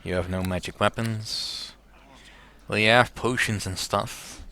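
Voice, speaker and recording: A man's voice: lowish voice, fairly even intonation, unhurried, bright, forceful tone, slight background noise. A man hosting a let's play, musing aloud about the game with hesitant fillers. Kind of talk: gameplay commentary.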